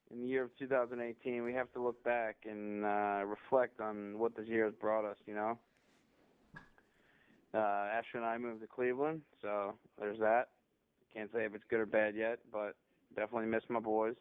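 A man in his twenties looking back on his year in a casual, thoughtful voice memo. His voice is smooth and clear, but the phone-like audio is thin and tinny. The sound is dry, with no room echo. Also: mid-range voice. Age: 20s. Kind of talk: reflective voice memo.

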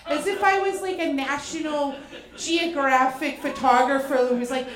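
A woman from Boston telling a comic personal story, animated and profane with self-mocking asides, in a live show venue. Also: high voice, a little slow, a crowd in the background. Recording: roomy echo.

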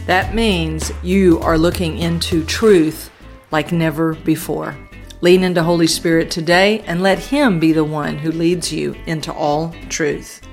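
A woman's voice: sits low, steady tone, faint music behind. Earnest woman preaching on a podcast. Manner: earnest, emphatic preaching with slowed, drawn-out phrases. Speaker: podcast host. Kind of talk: spoken devotional teaching.

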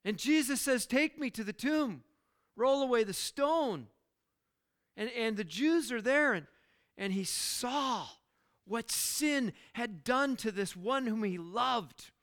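A high-pitched male pastor preaching in a slow, deliberate rhythm. His voice is smooth and clear, and he leans on rhetorical questions and repeated words. He preaches with earnest conviction. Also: lively intonation, fairly bright tone. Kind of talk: sermon.

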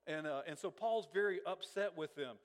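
A fairly high-pitched man gives a casual, animated sermon, breaking into laughter and playing out the lines he quotes. His voice rings with a long reverb from a church hall. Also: normal speed. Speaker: pastor teaching a Bible class. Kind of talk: informal sermon.

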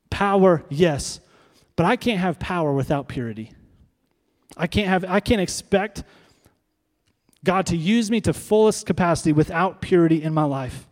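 A fairly high-voiced man preaches in a relaxed, talky way, tossing questions out to his listeners. His voice rings with the long reverb of a large hall. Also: normal speed. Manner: conversational preaching with rhetorical questions to the congregation. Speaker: pastor. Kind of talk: sermon.

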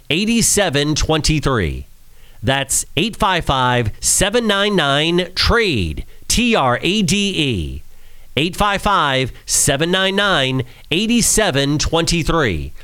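A male radio host delivers an urgent, salesy pitch in a smooth, clean voice that sits a little high for a man. He keeps pushing listeners to call in and sign up. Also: a bit bright. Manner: salesy, urgent pitch reading out a phone number. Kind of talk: promotional radio talk.

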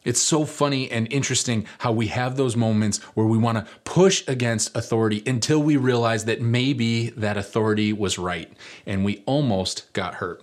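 A man preaching a sermon, telling a personal story in a relaxed, conversational way with many fillers. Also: fairly low pitch. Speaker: pastor.

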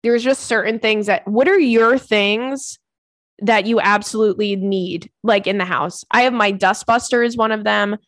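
A young woman hosting a podcast in casual chat, talking fast and swearing, laughing often and breaking into high squeals. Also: fairly even intonation, no room sound. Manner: chatty, profane, laughs often, bursts into squeals. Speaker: podcast host.

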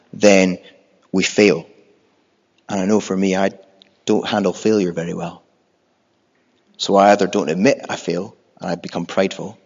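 A man preaching a sermon in an earnest, conversational way, sometimes acting out the frightened cries of the people in the story. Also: fairly low pitch. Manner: earnest, conversational, acts out the disciples' panicked cries. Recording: echoey hall, dull lo-fi sound.

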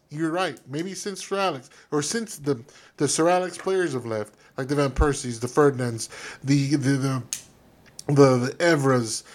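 A man's voice: on the high side, a little mellow. A man co-hosting a fan podcast, ranting in a heated, profane, emphatic way. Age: adult. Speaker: podcast co-host.

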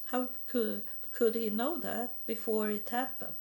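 A woman from Sweden speaking English, giving a halting personal religious testimony with repeated words and broken grammar. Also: a little high, steady tone, creaky, mellow.

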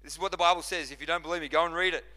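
Forceful man preaching in a hall. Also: on the high side, steady tone, rapid-fire. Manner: impassioned preaching with repetition and restarts. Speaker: pastor. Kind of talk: sermon. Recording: long reverb of a large hall.

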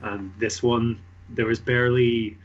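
A man's voice: mid-range voice, flat delivery, a little slow, muffled recording. A man co-hosting a casual comic book podcast, enthusiastic and easygoing, rambling a little. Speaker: podcast co-host.

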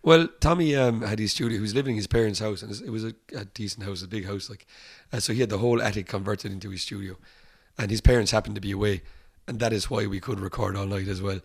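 This Irish musician, a man, talks fast with a lowish, breathy voice and barely pauses. In an interview he tells casual, animated anecdotes, laughing often and acting out the voices of the people in his stories.

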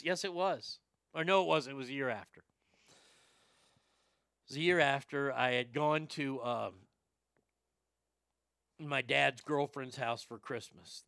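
A man telling profane, rambling personal stories to a live chat, animated and quick to joke. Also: fairly high pitch, creaky, smooth, dry recording, studio quality. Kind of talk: storytelling stream chat.

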